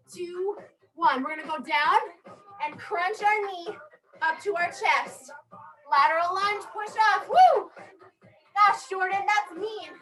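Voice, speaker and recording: A woman's voice: extremely high pitch, bright, forceful tone, low-quality recording. A woman leading a strength workout class, counting reps and cheering the class on in an upbeat way, a little out of breath. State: a bit out of breath. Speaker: fitness instructor.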